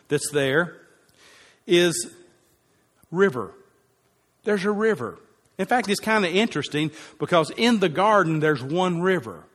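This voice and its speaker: A high-pitched man preaches to a congregation, hammering points home by saying them again and again. His voice rings out with a long reverb, as if recorded in a large church hall. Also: fairly bright tone. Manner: emphatic, repeats phrases for effect. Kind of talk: sermon.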